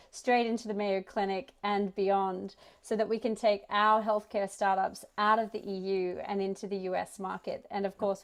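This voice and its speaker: An Australian woman hosting a startup pitch event, giving an enthusiastic welcome speech. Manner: upbeat, enthusiastic. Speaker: event host.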